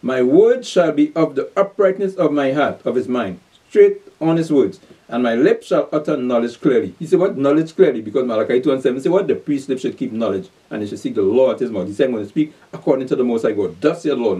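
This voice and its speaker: A man preaches a sermon, reading scripture slowly and then pressing his point with rhetorical questions and short laughs. His voice is mellow and dark, and he sits some distance from the microphone. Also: medium pitch, lively intonation. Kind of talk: sermon, Bible reading and exposition. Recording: voice distant from the mic.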